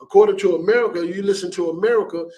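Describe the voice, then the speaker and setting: A man leads an online Bible class in a forceful preaching style, blunt and repetitive. His voice sits a bit high for a man. He sounds set back from the microphone. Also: very fast, recorded from a distance, low-quality recording. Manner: emphatic, blunt and repetitive, ending lines with "man".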